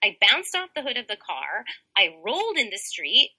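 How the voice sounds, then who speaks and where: A woman in her thirties, a podcast guest telling a personal story in an animated, chatty way and saying "like" often. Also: on the high side, moderate pace, slightly rough, low-quality recording. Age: 30s. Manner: animated, chatty, heavy use of "like".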